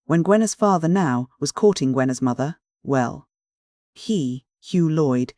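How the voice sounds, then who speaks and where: An audiobook reader narrating a classic novel in a measured, even manner. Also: mid-range voice, no echo, studio quality.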